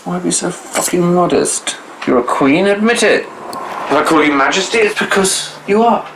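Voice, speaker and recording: Man, fawning admirer: higher voice, very lively, theatrical and profane; echoey room. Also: moderate pace, creaky, noisy background. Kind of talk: effusive documentary talk. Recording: roomy echo, faint ambience.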